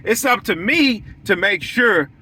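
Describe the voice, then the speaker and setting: A young man who owns a lawn care business, speaking casually but bluntly to his audience. He hammers his points home by repeating them. His voice is high and bright, with a sharp edge. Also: expressive, unhurried, a little hiss or hum. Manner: preachy, repetitive, blunt, acts out quoted lines.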